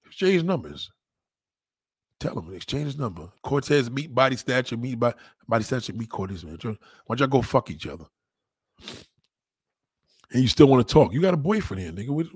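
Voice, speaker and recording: A man hosting a live stream, reading viewer comments aloud and mocking them with loud, heavy-swearing swagger. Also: mid-range voice, slightly rough, dry recording, studio quality. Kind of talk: profane live chat reading.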